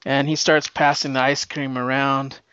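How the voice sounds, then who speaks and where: A man recapping a comic issue in a casual, excited, rambling way, with lots of fillers. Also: mid-range voice, moderate pace, clean tone, dry recording, muffled recording. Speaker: comic book reviewer.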